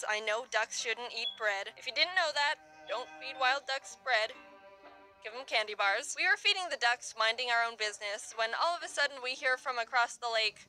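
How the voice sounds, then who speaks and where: Bright, wry young woman storyteller. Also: fairly high pitch. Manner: animated, wry, puts on quick character voices. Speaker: animated storyteller. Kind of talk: comedic storytelling narration.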